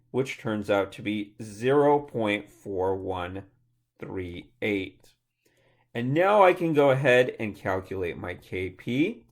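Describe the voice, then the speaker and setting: A man working through a chemistry problem step by step, talking aloud through each calculation as a tutor. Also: fairly low pitch. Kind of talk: worked-problem lecture.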